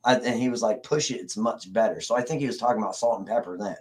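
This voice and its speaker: A man's voice: on the low side, fast talker, a little mellow, breathy edge. A man hosting a casual livestream, rambling and swearing as he greets viewers in the chat. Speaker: livestream host.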